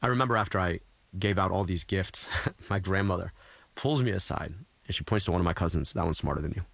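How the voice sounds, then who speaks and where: Deep gravelly guy in his 30s, earnest storytelling, dry close mic. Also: fairly quick, a bit bright, no echo. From United States. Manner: earnest, with frequent restarts. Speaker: guest, former political candidate. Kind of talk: reflective conversational storytelling.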